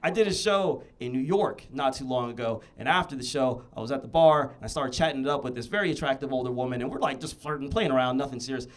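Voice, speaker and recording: A male stand-up comedian performing a set, telling animated stories that build into shouted rants. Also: medium pitch, fast, few pauses.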